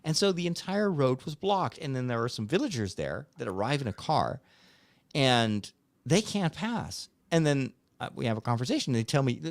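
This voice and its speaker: A priest hosting a casual chat, telling a story animatedly with laughs and restarts. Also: male voice, mid-range voice, very animated, moderate pace, vocal fry, no echo. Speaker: priest and host.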